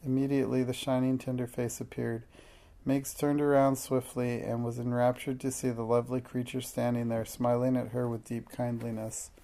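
A man's voice: mid-range voice, little pitch movement, normal speed, gravelly. A man reading a children's storybook aloud, giving the characters light voices. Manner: gentle, reads children's dialogue with light voices. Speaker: narrator.

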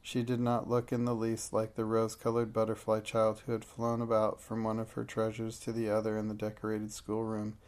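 A man reading a story aloud in an even, unhurried manner as an audiobook narrator. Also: fairly low pitch. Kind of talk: scripted narration.

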